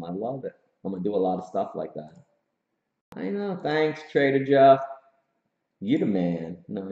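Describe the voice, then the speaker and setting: A man hosts a casual livestream from his home office, hyped, slangy and quick to laugh. He talks slowly in a mellow, dark tone. The sound is roomy and a little dull. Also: medium pitch, vocal fry. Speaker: host.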